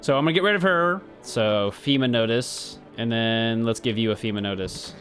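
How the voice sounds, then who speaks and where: A man commenting on a game he is playing, with loud, exasperated outbursts. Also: medium pitch, moderate pace, faint music behind. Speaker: gaming youtuber. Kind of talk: let's play commentary.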